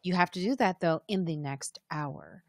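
A woman's voice: on the low side, normal speed, no room sound, studio quality. A woman hosting a casual live-stream chat, chatting loosely and reading out viewer comments as they come in. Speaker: podcast host.

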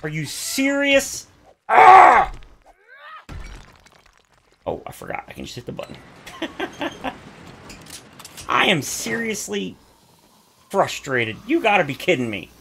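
A man talking through his game in a gravelly voice that leaps up and down in pitch. He is theatrically exasperated and lingers on his words at an unhurried pace. There is a faint hiss underneath. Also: wildly swooping pitch, sharp tone. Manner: exasperated, theatrical complaining with big pitch jumps. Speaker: gaming YouTuber. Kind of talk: game commentary.

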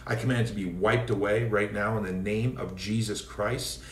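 A man's voice: fairly even intonation, moderate pace, echoey room, far from the mic, a little hiss or hum. A man from the Seattle area leading a fervent prayer and sermon, declaring and telling stories with energy. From Seattle area, Washington State. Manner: fervent, declaring, storytelling with rising pitch. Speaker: preacher.

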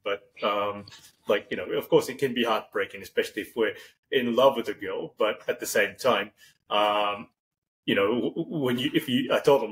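A man hosting a podcast, talking in a rambling, animated way and acting out example lines. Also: lowish voice, moderate pace, rough recording. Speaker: podcast host. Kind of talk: casual interview chat.

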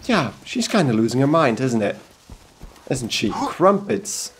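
A man's voice: mid-range voice, big pitch swings, a little slow, slight background noise. A man with a Belgian accent giving rambling, casual commentary over a video game, joking and talking to himself. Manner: rambling, talks to himself, jokey asides. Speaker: let's play host.

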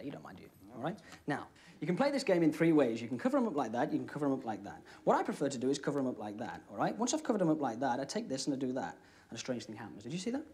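A young British man performing comedy magic, chatting with a volunteer and dropping deadpan one-liners. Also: mid-range voice. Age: young adult. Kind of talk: comic magic patter. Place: TV studio with live audience. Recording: studio audience noise behind.

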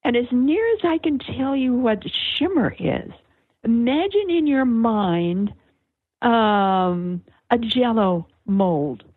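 Slow, husky older woman on a phone line. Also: a little high. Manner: slow, searching, many fillers and restarts. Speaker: interview guest, author. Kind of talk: reflective conversational explanation. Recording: tinny phone-line sound.

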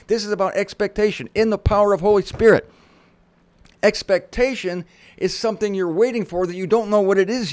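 Animated high-voiced male Bible teacher. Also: no room sound. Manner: animated, reads verses aloud with dramatic emphasis; conversational asides. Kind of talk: sermon-style Bible teaching.

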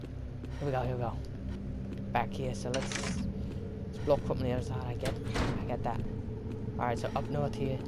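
A man hosting a let's play, talking to himself with goofy jokes and mock accents, bursting into loud panicked yelling. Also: medium pitch. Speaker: gaming video host. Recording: clear background noise.

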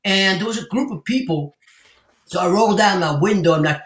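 A man's voice: high voice, expressive, a little fast, a bit bright, reverberant. A male singer as a guest in a casual interview, playful and putting on a mock New York voice for fun.

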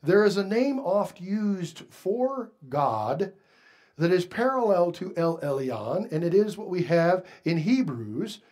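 A male pastor preaching a sermon slowly and emphatically, stretching out key words for weight. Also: fairly high pitch, darkish tone.

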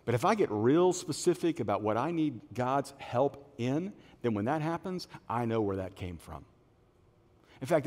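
In a church auditorium with long hall reverb, a middle-aged male pastor with a mid-range voice preaches a sermon. He tells stories in an animated way and acts out the voices of the characters in them.

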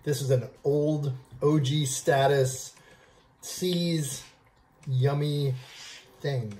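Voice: medium pitch, steady tone, warm tone, slight background noise. Vlog host munching candy and gushing about it, lots of ums, talky and casual. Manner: gushing, repeats "I love", halting fillers. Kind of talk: casual food tasting review.

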